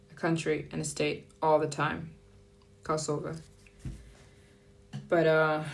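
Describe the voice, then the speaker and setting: A woman chatting casually on a live stream, upbeat and playful with quick asides. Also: low voice, gravelly. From United States. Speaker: travel vlogger. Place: France.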